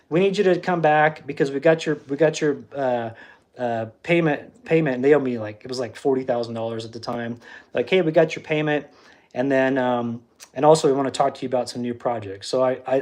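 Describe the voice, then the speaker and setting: Animated man telling a story. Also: mid-range voice. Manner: animated, acts out quoted exchanges, frequent restarts. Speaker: livestream host. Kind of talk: casual storytelling monologue.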